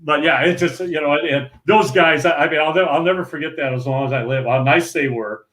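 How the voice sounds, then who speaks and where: A man's voice: a little high, fairly quick. Chatty older man from Minnesota. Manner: rambling, lively anecdotes full of restarts and chuckles. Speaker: interview guest, retired pro bowler. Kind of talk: casual storytelling in a podcast interview.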